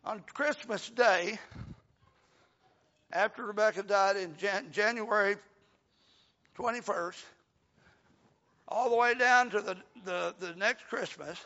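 Folksy in manner, an older preacher delivers a sermon in a very high, gravelly voice with a bright, sharp edge, rising into shouts and then dropping back soft. The recording is dull and lo-fi, with long reverb from the hall.

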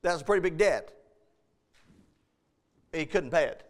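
A man's voice: on the high side, lively intonation, unhurried, in a large hall. A male preacher delivering a sermon, emphatic and full of rhetorical questions, speaking in folksy plain grammar and repeating phrases.

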